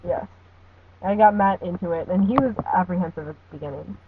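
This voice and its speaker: A woman's voice: lowish voice, a little fast, slightly rough. A woman hosting a casual podcast, joking around and laughing often. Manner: giggly, jokey, laughs often. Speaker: podcast host. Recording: tinny phone-like audio with faint hiss.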